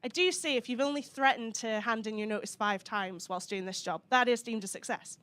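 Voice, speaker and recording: A young woman from the Scottish Highlands with a soft Highland accent, performing a dry, sweary stand-up comedy set on a club stage. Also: fairly quick. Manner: dry, sweary, sardonic delivery.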